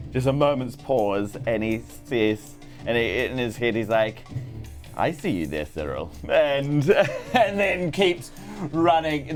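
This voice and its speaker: A man narrating his character's turn as a player in a tabletop game, counting steps and hesitating. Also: mid-range voice. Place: studio.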